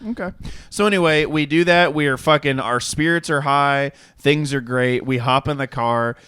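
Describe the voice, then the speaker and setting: A man's voice: mid-range voice, moderate pace, clear, resonant tone, no echo, studio quality. A young man telling a rambling story on a podcast, swearing freely and acting out what people said. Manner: profane, animated anecdote-telling with quoted voices. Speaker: podcast co-host. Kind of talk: casual storytelling chat.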